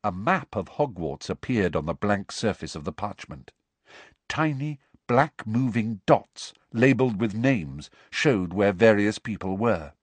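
A man narrating an audiobook with expressive storytelling. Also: fairly low pitch, unhurried, breathy edge, dry recording. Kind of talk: scripted narration.

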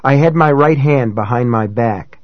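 A man reading a novel aloud in first person, in a measured, dramatic way that rises for shouted dialogue. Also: mid-range voice, no echo, muffled recording. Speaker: audiobook narrator. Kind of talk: scripted first-person narration.

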